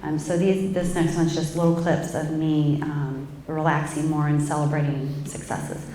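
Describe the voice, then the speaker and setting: Middle-aged woman, candid stage speaker with a deep voice, roomy theatre echo. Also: little pitch movement, normal speed, mellow, a little hiss or hum. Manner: candid, self-reflective, loose with fillers. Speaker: guest speaker. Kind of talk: candid personal talk to a live audience.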